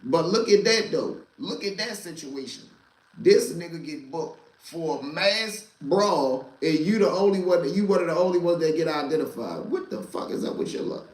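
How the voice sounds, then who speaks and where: Animated profane man telling street stories. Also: on the high side, moderate pace, roomy sound, low-quality recording. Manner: animated, profane street slang, repeats himself for emphasis. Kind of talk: casual storytelling.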